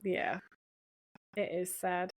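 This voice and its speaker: A woman's voice: on the low side, flat delivery, slow, no echo. A woman co-hosting a podcast, casually retelling a TV episode scene by scene and quoting the characters' lines. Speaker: podcast co-host.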